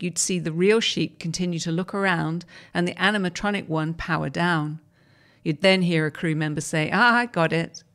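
Steady woman reading articles aloud, lowish voice. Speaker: reader of articles.

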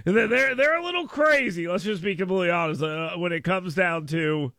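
Animated, bright-voiced male radio host. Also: brisk, dry recording. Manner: animated storytelling, jumps up in pitch and volume for emphasis. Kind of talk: casual talk radio monologue. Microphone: studio microphone.

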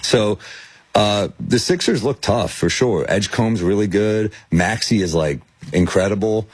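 A man with a low, husky voice co-hosts a loose sports chat. His delivery is casual and blunt, full of quick asides. The sound is dry and close to the mic. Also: dry recording. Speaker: sports show co-host.

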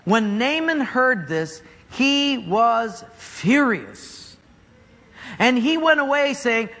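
Male preacher, joking, animated, high voice, reverberant hall. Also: very slow. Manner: animated, joking, acts out scenes. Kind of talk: storytelling sermon.

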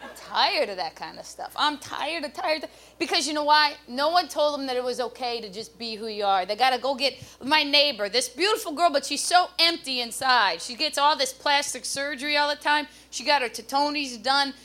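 A woman doing a stand-up comedy routine on a club stage with a handheld mic, brash and loud with punchy delivery. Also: high voice, normal speed, few pauses.

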